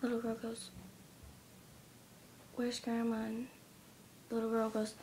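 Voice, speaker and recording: Teen girl vlogging, soft whispery storytelling, lots of ums, a bit of vocal fry. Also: fairly high pitch, monotone, unhurried, noisy background. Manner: soft, often whispery retelling with many ums. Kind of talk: casual storytelling vlog.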